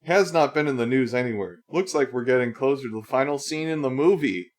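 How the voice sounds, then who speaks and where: A man's voice: mid-range voice, a little fast. A man hosting a livestream, casually reacting to videos with dry, mocking remarks and frequent laughter.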